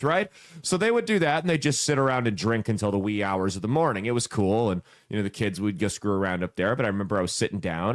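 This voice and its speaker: Brash, crude-joking male podcast host. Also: fairly low pitch. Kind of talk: casual podcast chat.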